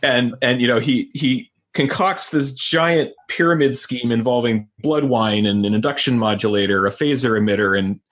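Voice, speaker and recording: A podcast co-host chats casually, rambling along with plenty of fillers and restarts. His voice is medium-pitched and a bit bright, moving at a normal speed with hardly any pauses.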